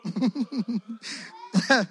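High-voiced man preaching with playful slang. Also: very slow, husky, dry recording. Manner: playful, joking, heavy casual slang. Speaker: guest preacher. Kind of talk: lively call-and-response sermon. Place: church hall with a congregation. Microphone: close microphone on the speaker.

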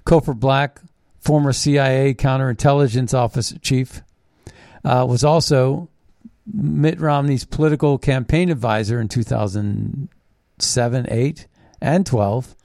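A male host delivers political commentary in a blunt, scornful, combative manner, reading out news items and then picking them apart. His voice sits at a medium pitch and is recorded dry and close, with no room sound. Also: measured pace, gravelly, darkish tone, no echo.

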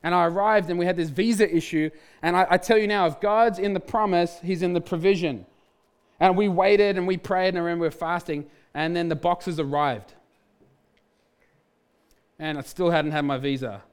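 A man's voice: high-pitched, steady tone, normal speed, smooth. A man, a pastor, telling a candid personal testimony in a sermon, with restarts and self-mocking humor.

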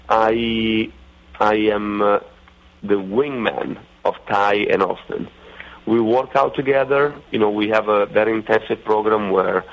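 A middle-aged man with an Italian accent, talking as a guest in a radio interview, halting and full of fillers and restarts. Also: on the low side, creaky. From Italy. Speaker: racing driver guest. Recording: muffled lo-fi radio sound.

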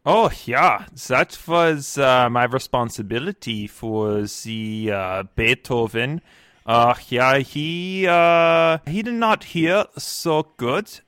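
A man in an improvised comedy podcast bit, rambling through a story with lots of pauses and fillers. His voice sits in a middle pitch. The recording is close and dry, with no room sound. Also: animated, fairly bright tone, clean tone, dry recording. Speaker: improv guest playing Beethoven's assistant.

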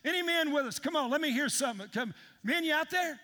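A man's voice: extremely high pitch, animated, fast, pushed and bright. A man preaching a sermon as pastor, emphatic and calling out to his congregation. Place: large church hall. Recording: long hall reverb in a church.

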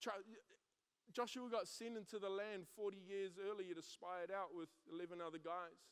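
A young man preaching a sermon, mixing scripture with a school story, energetic and emphatic with frequent restarts. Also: high voice, moderate pace, clean tone. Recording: long hall reverb.

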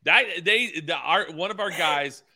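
A man's voice: fairly high pitch, measured pace, heavy background noise. A man co-hosting a podcast, joking and playful in casual chat. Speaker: podcast co-host.

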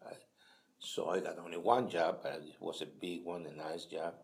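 An older man from Peru, a native Spanish speaker with a Peruvian Spanish accent, telling his life story in halting English with many restarts at a kitchen table. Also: low-pitched, steady tone, vocal fry. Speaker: interviewee. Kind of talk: casual storytelling.

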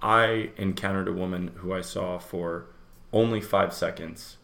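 A man's voice: low voice, fairly even intonation, measured pace, creaky, fairly bright tone, reverberant. A man co-hosting a casual podcast chat, telling stories with dry, sardonic humor. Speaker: podcast co-host.

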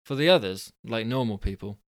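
A male storyteller with a smooth, clear voice, reading stories aloud and breaking off for rambling, self-deprecating chats. The sound is close and dry, with no room echo. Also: lowish voice, expressive, fairly quick. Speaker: storyteller and host.

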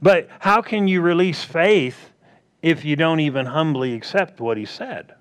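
A man preaching a sermon, acting out quoted voices and swinging between loud bursts and hushed asides. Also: fairly high pitch, expressive, unhurried.

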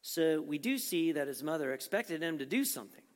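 A man preaching a sermon as pastor, asking rhetorical questions and swinging between emphatic and hushed delivery. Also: fairly high pitch, expressive, brisk. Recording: long reverb from a large hall.

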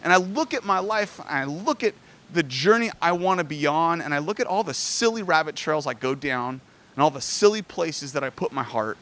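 A man preaching a sermon in an easy, talkative way, his voice sitting a little higher than most men's. He speaks casually and grows animated and lifted in pitch as the story moves him. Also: normal speed. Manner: conversational, animated, rises in pitch when moved. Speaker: pastor. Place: outdoors near sand.

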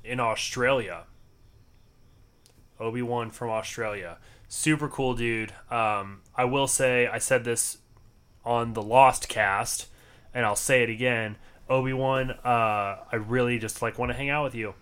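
A man's voice: medium pitch, fairly even intonation, unhurried, a bit bright, clean tone. A man co-hosting a podcast, laid-back and drawling with fillers. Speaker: podcast co-host. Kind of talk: casual podcast chat.

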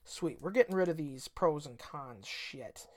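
A man's voice: on the high side, expressive, a little slow. A man hosting a solo podcast, talking in a rambling, emphatic way and swearing a lot. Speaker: podcast host. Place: home in Michigan. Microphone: desk podcast mic.

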